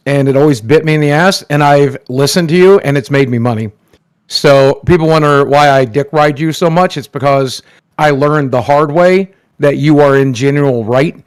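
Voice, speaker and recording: Chill cohost dude, kinda high voice, dry mic, cusses casually. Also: male voice, normal speed, clear, resonant tone, no room sound. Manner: laid-back, swears casually, stunned. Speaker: co-host. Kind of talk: casual live-stream chat.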